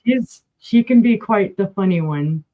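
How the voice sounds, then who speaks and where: A woman's voice: medium pitch, animated, unhurried, narrow, tinny audio. Chatty woman calling a live auction. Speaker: live sale co-host.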